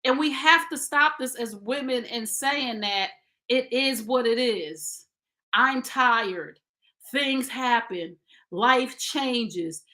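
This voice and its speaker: A woman's voice: fairly high pitch, slow pace, bright, forceful tone. A woman in her fifties giving blunt, preachy relationship advice in a casual live stream, speaking straight to her viewers. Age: 50s.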